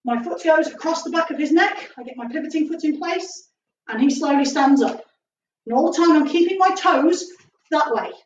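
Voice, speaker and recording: A woman's voice: high voice, lively intonation, normal speed, roomy sound. Woman, martial arts coach, upbeat jokey class cues, distant mic, dull lo-fi sound with faint hiss. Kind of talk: live online class instruction.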